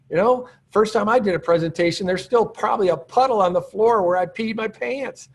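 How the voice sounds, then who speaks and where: A man's voice: high voice, a little fast, hardly any pauses, slightly rough. Upbeat man coaching new recruits. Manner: encouraging, chatty, self-deprecating. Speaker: business trainer. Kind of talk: motivational training talk.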